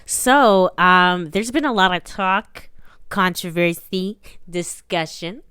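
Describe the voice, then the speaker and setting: A young woman co-hosting a podcast, talking in a relaxed, slangy way. Her voice sits a little low and sounds smooth and clear. The recording is close and dry. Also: slow pace, no room sound. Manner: slangy, relaxed, says "bruh" and "bro". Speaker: podcast co-host. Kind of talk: casual chat.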